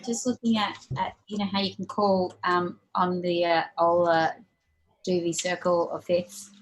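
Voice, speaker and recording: A woman student asking a halting question about music theory. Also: fairly low pitch, flat delivery, rough recording.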